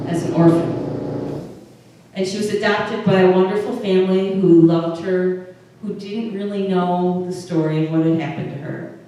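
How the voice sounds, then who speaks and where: In a very echoey room, recorded on a distant mic with faint noise, a woman pastor delivers a conversational sermon. She often pauses mid-phrase and starts again, speaking in a fairly low, warm voice.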